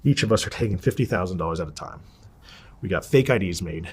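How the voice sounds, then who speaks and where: Interview guest: a husky man with a lowish voice, spinning a blunt, animated tale. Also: quick pace. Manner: animated, blunt, swears freely. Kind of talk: casual storytelling.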